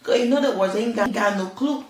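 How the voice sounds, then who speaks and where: A woman's voice: medium pitch, quick pace, a little mellow. A woman giving casual parenting advice, earnest and chatty, laughing now and then. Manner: earnest, laughs often, acts out little quoted exchanges. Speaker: parenting vlogger. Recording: roomy echo, distant from mic.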